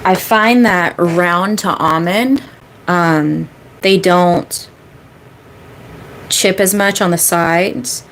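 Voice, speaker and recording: A woman's voice: lowish voice, drawn-out words, long pauses, a bit bright. A woman in her thirties, a manifestation coach chatting casually on a live-stream Q&A, rambling with lots of fillers and repeating key phrases for emphasis.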